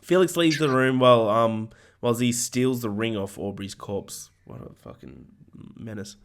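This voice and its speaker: Hoarse male podcast co-host, mid-pitched, rambling casual film recap full of ums. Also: expressive, normal speed. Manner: recaps plot with frequent ums and swearing asides. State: hoarse, voice going. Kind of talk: casual chat, plot recap.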